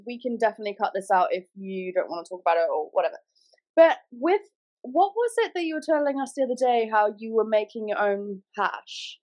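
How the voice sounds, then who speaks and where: A woman's voice: a little high, big pitch swings, brisk, darkish tone, low-quality recording. A woman from England co-hosting a casual podcast chat, bubbly, laughing often and swearing casually.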